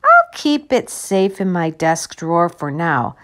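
A woman voicing a calm, even-handed female schoolteacher in a picture book read-aloud, measured and reasonable. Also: lowish voice, pitched below the performer's own voice, full character voice.

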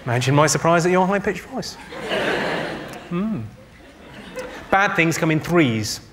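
A man doing a stand-up comedy set on a theatre stage, trading deadpan one-liners and banter with the audience. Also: fairly high pitch, unhurried. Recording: live show with loud audience noise.

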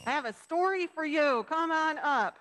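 A woman pastor giving a children's message in church, chatting playfully with the kids and reading a picture book slowly with lively emphasis. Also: high voice. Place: church sanctuary.

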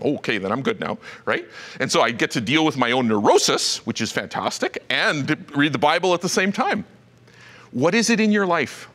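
A man preaching a sermon as pastor, animated and conversational, with frequent asides. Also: on the high side, in a large hall. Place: church auditorium.

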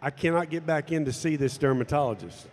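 A man's voice: on the high side, fairly quick, in a large hall. A man telling a personal story to camera, acting out the dialogue as he goes. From United States. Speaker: golf instructor and former tour pro.

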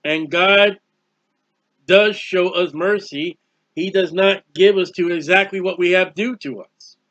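A man's voice: high-pitched, steady tone, a little slow, a bit bright. A man giving an informal Bible study sermon, earnest and rambling, reading scripture aloud. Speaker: Bible teacher. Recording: dull lo-fi recording.

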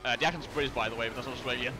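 A man's voice: medium pitch, fairly even intonation, noisy background. A man streaming a co-op game, chatting with friends in a stammering, sweary way. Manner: stammering, swearing, quick repetitions. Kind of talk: casual gaming chat with friends.

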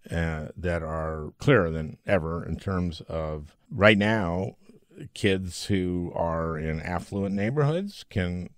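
A man's voice: sits low, dry recording, clean studio sound. A man in his sixties hosting a podcast interview, reading a passage aloud and then talking it over in a conversational way. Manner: reads a quote aloud, then talks conversationally. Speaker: podcast host.

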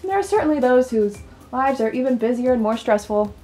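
A woman's voice: on the high side, animated, a little fast, mellow, soft background music, close to an everyday voice. A woman reading a weary young college student. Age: young adult. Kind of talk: reading game dialogue aloud.

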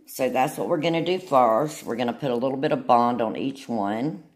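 A woman with an unusually deep, low voice and a drawl walks through a nail demonstration. She talks in a chatty, homey way and keeps pausing to check in with her viewers. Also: darkish tone. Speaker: nail tutorial host. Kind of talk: casual demonstration tutorial.

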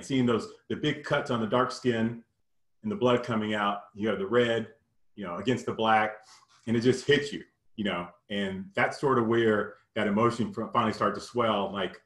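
A man's voice: fairly low pitch, a bit bright, reverberant. Earnest man telling a personal story. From Kentucky, US South. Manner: earnest, halting, many "you know" fillers.

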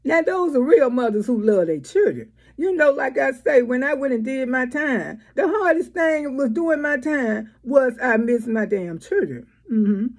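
High, husky woman scolding bluntly. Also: lively intonation, unhurried, few pauses, a little mellow. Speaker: vlogger. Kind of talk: blunt commentary vlog.

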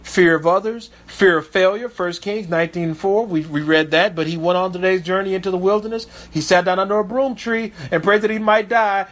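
A man with a high-pitched voice preaching, moving between reading scripture aloud and pointed commentary. He stumbles and repeats himself now and then as he goes. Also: fairly even intonation, brisk, hardly any pauses, fairly bright tone. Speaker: pastor.

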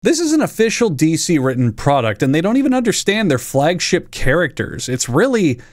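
A man's voice: on the high side, very animated, brisk, dry recording, studio quality. A man giving sarcastic, profane comedic commentary as a comic reviewer, mocking the story and playing characters in silly parody voices.

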